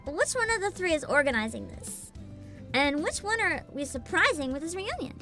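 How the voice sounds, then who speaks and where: A young woman chats with her stream audience in a casual, playful way and keeps breaking into giggles. Her voice sits high and swoops up and down with a lot of life. Soft game music runs faintly behind her. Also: very animated, normal speed. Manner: giggly, playful, talks to chat. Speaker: streamer playing a story game. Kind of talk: casual livestream chat.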